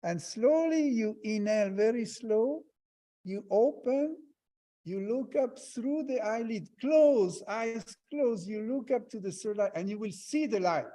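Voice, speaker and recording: Slow, high-voiced man guiding meditation. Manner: slow, calm step-by-step instructions with long pauses. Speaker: meditation teacher. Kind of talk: guided breathing meditation.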